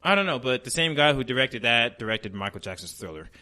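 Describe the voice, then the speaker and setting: A man's voice: medium pitch, animated, quick pace, sharp tone. A male podcast host in casual comedy chat. He rambles and stalls with filler words while searching for names. When he gets going he swears freely and rants. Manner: rambling, profane, with many ums and searching for names.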